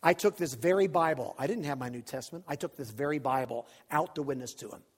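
A man preaching a storytelling sermon, animated and dramatic, swinging from hushed asides to shouts. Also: on the high side, fast talker, slightly rough. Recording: long reverb of a large hall.

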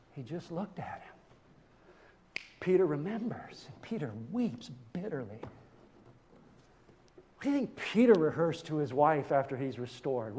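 Impassioned high-voiced male preacher. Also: mellow, in a large hall, slight background noise. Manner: impassioned preaching with rhetorical questions and repetition. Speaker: pastor. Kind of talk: sermon.

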